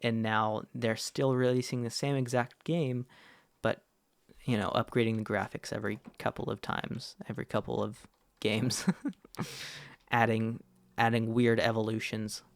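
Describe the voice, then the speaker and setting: A man's voice: lowish voice, level tone, measured pace, no echo. A man streaming a game, chatting casually in a rambling way, restarting and correcting himself as he answers chat. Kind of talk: casual gaming livestream chat.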